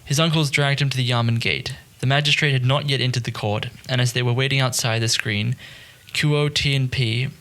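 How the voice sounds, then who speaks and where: A man's voice: medium pitch, fairly even intonation, brisk, hardly any pauses, a bit bright. A man narrating an audiobook who often restarts and corrects himself as he reads.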